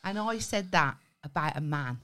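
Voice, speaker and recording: Teasing, lively woman chatting. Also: low-pitched, moderate pace, clean tone. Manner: swearing, teasing, laughs a lot. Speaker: podcast co-host. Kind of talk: casual chat.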